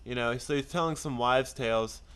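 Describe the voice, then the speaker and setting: A man's voice: mid-range voice, fairly quick, fairly bright tone, clean tone. A man reading character lines in a casual script read-through, with chatty asides. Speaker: script reader.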